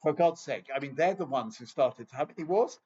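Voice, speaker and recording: A man's voice: a little high, expressive, brisk, darkish tone, muffled recording, a little hiss or hum. A man from England giving an informal lecture on scripture, chatty and digressive with wry asides.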